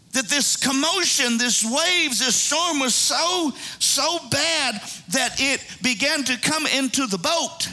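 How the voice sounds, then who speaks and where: A man's voice: very high voice, pushed and bright. A man preaching a sermon in a conversational way, calling out to the congregation. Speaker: pastor.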